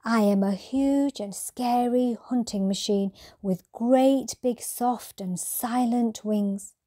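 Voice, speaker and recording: A woman's voice: on the high side, slow, mellow, voice pushed up. A woman voicing a small baby boy owl who protests and pouts. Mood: indignant. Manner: insistent, pouty protests.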